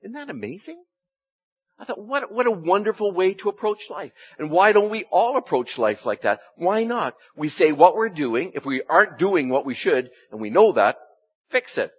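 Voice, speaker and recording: A male pastor preaches in a folksy, conversational way, often turning to the congregation with rhetorical questions. His voice sits a little high and is somewhat husky. The recording is dull and lo-fi. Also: big pitch swings, moderate pace. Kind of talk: conversational sermon.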